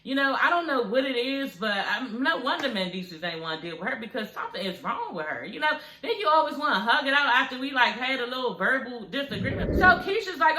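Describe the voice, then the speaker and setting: A woman's voice: a little high, big pitch swings, fast talker, pushed and bright, echoey room, rough recording. A woman recapping a reality TV episode for her viewers in a sassy, gossipy, profane way, talking straight to them. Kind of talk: casual recap vlog.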